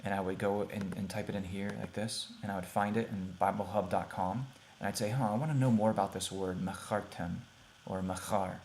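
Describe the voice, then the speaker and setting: A man teaching a beginners' Hebrew lesson over a shared screen, talking plainly and repeating words slowly for pronunciation. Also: low-pitched, fairly even intonation, a little mellow, slight background noise. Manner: plain, conversational, thinks aloud with fillers.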